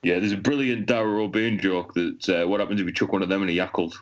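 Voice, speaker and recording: A man, a podcast co-host telling crude jokes in casual banter with a deadpan delivery. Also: deep voice, fast. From England. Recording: dull lo-fi sound.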